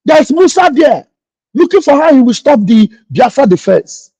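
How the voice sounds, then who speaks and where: A man with a strikingly high voice delivers a morning livestream address, scolding and indignant, and he hammers the same phrases again and again. The sound is dull and lo-fi, and the voice is dry and close with no room around it. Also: big pitch swings, moderate pace, mellow, no room sound. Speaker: pastor and online host.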